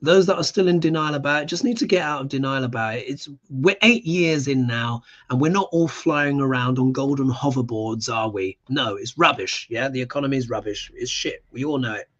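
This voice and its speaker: A man's voice: mid-range voice, a little fast, few pauses, a bit bright. Impassioned man, lo-fi stream. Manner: impassioned, ranting, emphatic. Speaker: astrology show host. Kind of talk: live-stream tarot reading and commentary.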